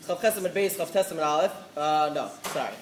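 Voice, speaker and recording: In an echoey hall with faint background noise, a young adult man gives a sincere farewell speech at a study celebration. The yeshiva student's voice is on the high side and quick, and his story is full of restarts and Hebrew study terms.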